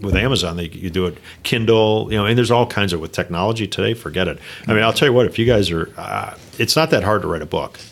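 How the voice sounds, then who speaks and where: A middle-aged man with a very low, gravelly voice, talking as a guest on a podcast. He rambles in an upbeat, easy way and keeps checking in with his listeners. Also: fast, few pauses. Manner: rambling, upbeat, lots of "right?" and "you know". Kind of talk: casual interview chat.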